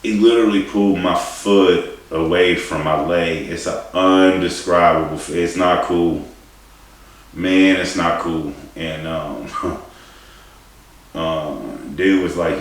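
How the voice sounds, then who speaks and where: A man telling a personal story in a rambling, halting way, swearing and laughing at himself. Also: sits low, steady tone. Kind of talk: casual storytelling. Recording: distant mic in a very echoey room.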